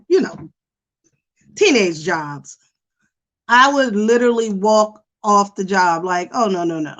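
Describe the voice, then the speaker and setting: A middle-aged woman hosting a psychology podcast, talking in a chatty, animated way with lots of fillers. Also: fairly high pitch. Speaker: podcast host, psychology professional. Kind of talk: casual chat.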